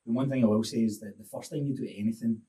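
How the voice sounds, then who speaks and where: Mellow man, rambling. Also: mid-range voice, steady tone, very fast, distant mic, low-quality recording. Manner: reflective, rambling storytelling. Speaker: podcast guest, fitness coach. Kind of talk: casual podcast chat.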